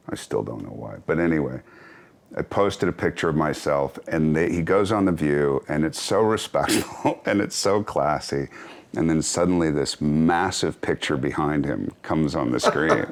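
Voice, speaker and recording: Deep-voiced man, wry and reflective. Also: unhurried, gravelly. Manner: reflective, wry, self-deprecating, chuckling. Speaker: actor and author, interview guest. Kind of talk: candid conversational interview.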